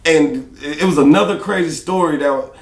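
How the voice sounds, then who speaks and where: Male rapper guest, slightly high voice, lively laughing storyteller, echoey room. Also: moderate pace. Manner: animated, laughing storyteller who acts out other people's lines. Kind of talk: casual storytelling interview.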